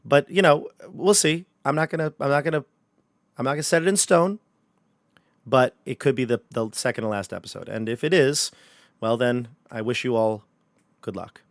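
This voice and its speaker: A man's voice: medium pitch, normal speed, no echo, clean studio sound. A man running a livestreamed tabletop horror game, joking and chatty with his players. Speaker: game master.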